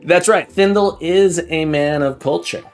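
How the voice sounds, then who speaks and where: A man hosting a live coding stream, chatting excitedly and jokingly with viewers, often repeating words and restarting his sentences. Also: on the high side, a little slow, faint music behind. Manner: laughs often and jokes with chat. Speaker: livestream coding host. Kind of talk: casual live-stream chat while coding.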